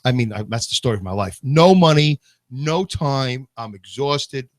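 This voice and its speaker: Comedy co-host, man, rambling anecdotes, quick to laugh, dry close sound. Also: medium pitch, animated, no echo. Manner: rambling storyteller, laughs often. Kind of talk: casual comedic chat.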